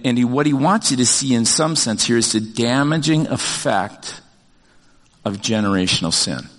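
An older man delivers a sermon in a middle-pitched voice, chatty and animated, often restarting his sentences with fillers. His voice carries a long reverb from a church sanctuary. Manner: conversational, animated storytelling with many fillers and restarts. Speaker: pastor.

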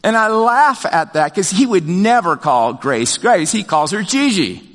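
An older man preaching a sermon as pastor, talking in a conversational, animated way with many fillers and restarts. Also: sits high, a little slow, big-room sound.

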